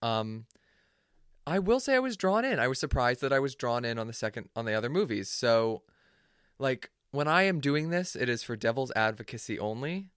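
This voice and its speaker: Smooth-voiced playful young man. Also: mid-range voice, lively intonation, moderate pace, a bit bright, no room sound, studio quality. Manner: playful, sarcastic, mock-formal. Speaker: podcast co-host. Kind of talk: casual chat.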